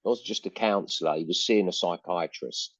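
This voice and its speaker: Low-voiced older East London man. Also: brisk, fairly bright tone, no room sound. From England. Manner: rambling anecdotes with frequent fillers and restarts. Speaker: interview guest, musician. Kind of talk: casual storytelling interview.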